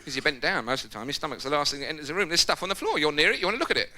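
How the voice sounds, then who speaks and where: Animated high-voiced stand-up comedian. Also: male voice, racing. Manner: animated, jumps into shouted impressions and quoted voices. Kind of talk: live stand-up routine. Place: theatre stage with live audience. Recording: loud background noise, live theatre recording.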